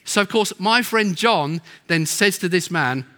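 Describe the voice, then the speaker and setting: A man's voice: sits high, expressive, measured pace, bright, forceful tone. A middle-aged man preaching a sermon, telling stories and acting out the people in them. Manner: storytelling, acts out quoted voices.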